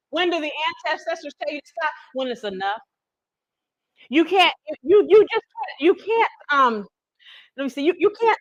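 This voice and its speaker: With a high, slightly bright voice, a woman chats her way through a live cooking demo, folksy and teasing as she speaks straight to viewers. The recording sounds dry and rough.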